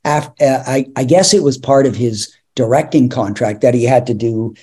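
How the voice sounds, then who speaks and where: A man who is an actor and a guest on an interview, telling animated, rambling anecdotes with laughter and restarts. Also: mid-range voice, normal speed, breathy edge. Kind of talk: interview storytelling.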